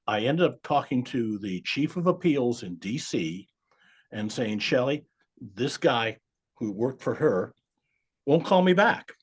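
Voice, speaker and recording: Give me a husky man in his seventies telling blunt stories with a lively, swinging pitch. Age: 70s. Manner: blunt, emphatic, swears casually. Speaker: guest, accountant. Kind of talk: storytelling in a podcast interview.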